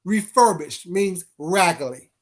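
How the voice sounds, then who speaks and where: A man's voice: high-pitched, animated, slow pace. A man hosting a casual livestream, bluntly cussing out trolls and greeting viewers in the chat by name. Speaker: livestream host.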